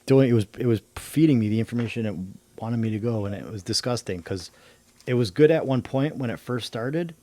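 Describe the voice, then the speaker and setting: Fairly quick and warm-toned, a mid-range male voice hosts a livestream, chatting in a loose, rambling way about conspiracies while swearing and using lots of slang.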